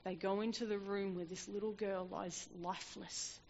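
Animated woman preaching in a hall. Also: medium pitch, moderate pace, a little hiss or hum. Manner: animated storytelling, acting out voices in scripture. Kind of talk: sermon. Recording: dull, echoey hall.

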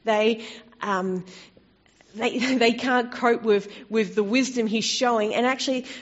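Lady preaching a sermon, kinda high voice, chatty then dramatic on the quotes, muffled lo-fi recording. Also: a little slow. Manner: conversational, expressive when quoting scripture. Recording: dull lo-fi recording.

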